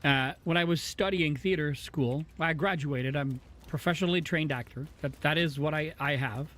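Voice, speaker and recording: A man streaming a video game, chatting casually with excitable, rambling asides. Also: a little high, moderate pace. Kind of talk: casual gaming stream chat.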